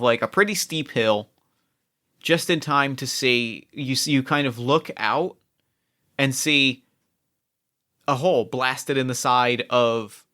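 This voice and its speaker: A man's voice: mid-range voice, bright, forceful tone. A man narrating as game master of a tabletop game, rambling, with many restarts and fillers.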